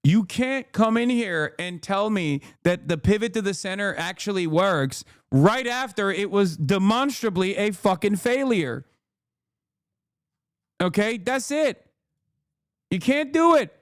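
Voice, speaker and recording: A man's voice: high-pitched, animated, measured pace, smooth, no room sound, studio quality. An American man giving heated, profane and sarcastic commentary while reacting to clips. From United States. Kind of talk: ranting commentary.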